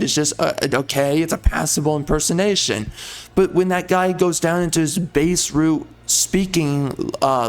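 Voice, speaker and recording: A man with a somewhat high voice rants about a video game, angry and insulting and circling back to the same complaints. Soft music plays faintly under his talk. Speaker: game reviewer. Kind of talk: heated video game rant.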